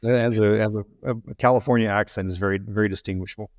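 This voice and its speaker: A man's voice: fairly low pitch, fairly even intonation, fast talker, darkish tone, no echo, studio quality. A man hosting a podcast interview, chatting in an easygoing, casual way. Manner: easygoing, casual, uses "man" and "you know". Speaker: podcast host.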